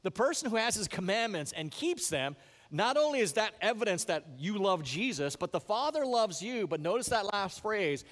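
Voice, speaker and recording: A man's voice: high voice, sing-song, normal speed, a bit bright, in a large hall. A male pastor preaching a sermon in an earnest, conversational way, pressing his points with rising emphasis.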